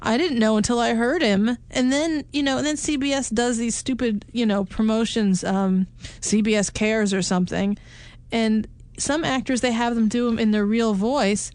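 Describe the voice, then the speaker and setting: A woman's voice: on the high side, normal speed, darkish tone, no room sound. A woman co-hosting a casual movie review podcast, talking in a chatty, rambling way that often breaks into laughter. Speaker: podcast co-host.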